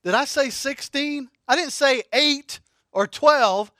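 A middle-aged man preaching a sermon, animated and humorous, asking rhetorical questions. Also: extremely high pitch, slow, no room sound, clean studio sound. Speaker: pastor.

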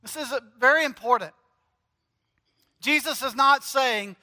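High, bright-voiced pastor preaching. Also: male voice, moderate pace, long pauses, big-room sound. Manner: animated and joking, talks to the congregation directly. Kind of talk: conversational sermon.

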